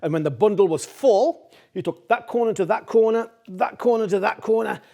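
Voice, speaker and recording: Lively storyteller man, fairly high voice. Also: normal speed, vocal fry. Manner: animated, chatty, addresses listeners directly; repeats phrases for rhythm. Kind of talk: oral folk-tale storytelling.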